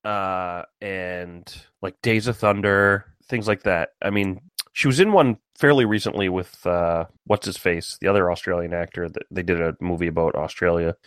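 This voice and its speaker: A man's voice: sits low, moderate pace, a bit bright, clear, resonant tone, no echo, clean studio sound. A man co-hosting a casual chat, hesitant and searching for words. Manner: hesitant, lots of ums and uhs. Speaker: podcast co-host. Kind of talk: casual chat about movies.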